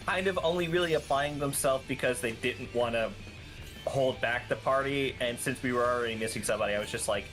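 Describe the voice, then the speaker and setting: A man's voice: mid-range voice, brisk, a bit bright, faint music behind. A man from the southern United States, hosting a game stream in casual chat, rambling with restarts and swearing freely. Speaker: streamer host. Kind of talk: casual chat while gaming.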